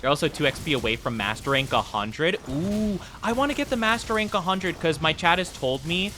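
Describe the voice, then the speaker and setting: A man's voice: a little high, very animated, fairly quick, noisy background. A young man chatting casually with his live-stream audience while gaming, rambling with lots of fillers. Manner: rambling, filler-heavy, friendly with chat. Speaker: streamer playing a game.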